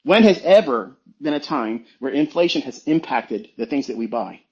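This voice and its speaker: A man's voice: medium pitch, highs cut off. A man giving a blunt, profane motivational talk as a trading mentor on a live audio stream.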